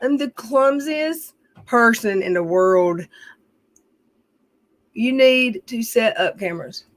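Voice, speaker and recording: A woman's voice: a little high, lively intonation, slow. A middle-aged woman, chatting casually on a livestream, rambling, venting and swearing as she reads her chat.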